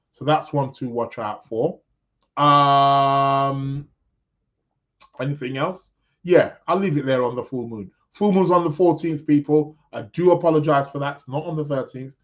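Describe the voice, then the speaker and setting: A man hosting an astrology podcast in a casual live-stream style, rambling and correcting himself as he chats with his viewers. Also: mid-range voice. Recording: dull lo-fi sound.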